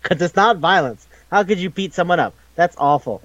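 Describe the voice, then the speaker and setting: A man co-hosting a podcast in casual chat, rambling and swearing as he tells animated stories. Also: sits high, a little fast, hardly any pauses, no room sound. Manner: rambling, profane, animated storytelling. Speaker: podcast co-host. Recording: dull lo-fi recording.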